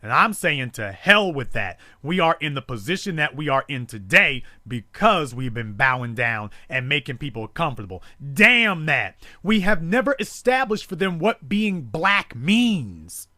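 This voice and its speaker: A man hosting a call-in talk show, delivering a forceful, rhetorical monologue built on repeated emphasis. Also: fairly high pitch, very animated, moderate pace, hardly any pauses, no echo, clean studio sound.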